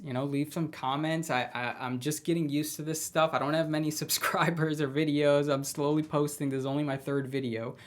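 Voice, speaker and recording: A man from Pakistan whose first language is Urdu, talking loosely in a casual solo vlog, musing aloud with many fillers and restarts. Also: mid-range voice. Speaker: vlogger.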